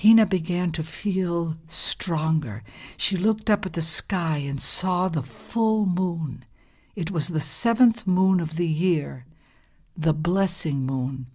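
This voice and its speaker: A woman reading a storybook aloud in a calm, gentle, measured way. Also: lowish voice.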